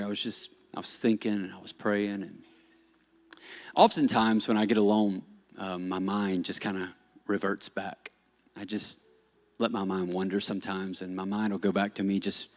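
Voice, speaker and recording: A man preaching a sermon as pastor, shifting from animated emphasis to soft-spoken storytelling. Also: fairly low pitch. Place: church stage.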